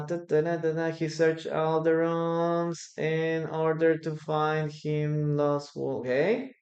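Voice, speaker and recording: Slow, echoey-voiced male English teacher. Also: on the high side, completely flat delivery, darkish tone, dull audio. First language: Spanish. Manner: slow, repeats example sentences with raised emphasis. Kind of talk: live online English lesson.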